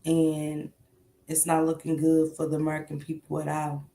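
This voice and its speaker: Gravelly-voiced woman hosting a casual show. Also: sits low, monotone, normal speed, warm tone, reverberant, a little hiss or hum. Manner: blunt, emphatic, frequent swearing. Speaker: morning show host. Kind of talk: casual commentary livestream.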